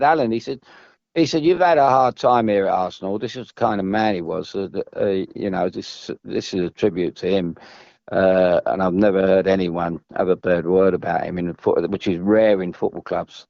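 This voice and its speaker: A man's voice: lowish voice, normal speed, vocal fry, darkish tone, no echo, muffled recording. A man, a former footballer telling long, meandering stories as a podcast guest, restarting and repeating himself. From England. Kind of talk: rambling storytelling.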